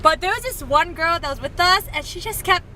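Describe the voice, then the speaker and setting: Young woman vlogger, high bright voice, chatty, casual, outdoors. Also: expressive, a little hiss or hum. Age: young adult. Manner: quick, chatty, fillers. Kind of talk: casual vlog chat.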